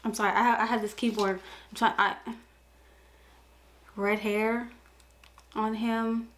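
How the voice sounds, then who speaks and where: Excitable young woman reacting to a video. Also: on the high side, a little slow, a little hiss or hum. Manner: excitable, gushing exclamations. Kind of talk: casual reaction commentary.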